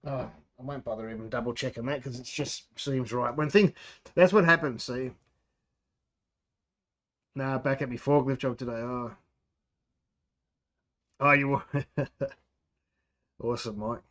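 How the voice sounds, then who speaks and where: A slightly bright, medium-pitched male voice goes a little slowly, with long pauses. An Australian hosting a home brewing livestream, he rambles casually, talks to himself and reads out chat while working, recorded in slightly dull lo-fi.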